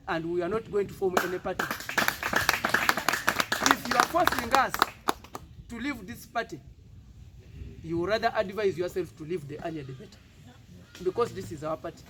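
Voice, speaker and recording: A Ugandan politician with a Ugandan English accent, giving a defiant press statement with emphatic, repeated rhetoric. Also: male voice, sits high, fairly bright tone, a little hiss or hum. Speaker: party politician.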